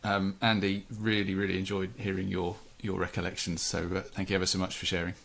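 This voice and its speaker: A podcast host closing out a chat with a low, gravelly voice. He speaks at an even, flat pitch and sounds distant from the microphone. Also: a little fast, a little hiss or hum. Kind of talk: casual interview wrap-up.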